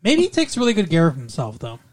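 A man's voice: fairly high pitch, wildly swooping pitch, fast talker. A man co-hosting a podcast, chatting casually, joking and rambling with frequent laughs. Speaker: podcast co-host. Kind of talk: casual chat.

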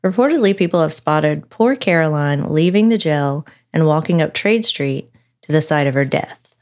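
Low-voiced woman podcast co-host. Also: expressive, moderate pace, darkish tone. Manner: chatty, narrating then bantering. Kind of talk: casual storytelling chat.

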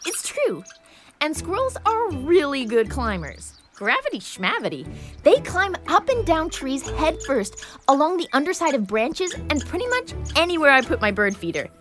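A woman with a high, lively voice hosts a children's nature show. She reads her script in a bubbly, playful way, and her pitch swings widely from line to line. Clear music plays under her voice. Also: normal speed. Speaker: show host.

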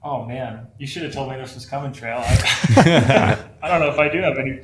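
A man's voice: medium pitch, moderate pace. A man chatting casually as a podcast guest, with laughing, self-deprecating asides. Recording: roomy echo with faint noise.

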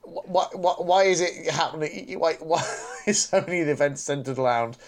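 A man's voice: fairly high pitch, moderate pace. A man co-hosting a podcast in casual chat, talking with frequent stumbling restarts and light chuckles. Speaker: podcast co-host.

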